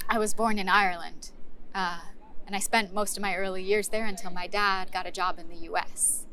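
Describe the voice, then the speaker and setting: An actress with an American accent performs a filmed monologue as a wry, rueful young woman actor, speaking in halting, confessional bursts with pauses and restarts. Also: medium pitch, steady tone, pushed and bright, a little hiss or hum, lightly acted, low-quality recording.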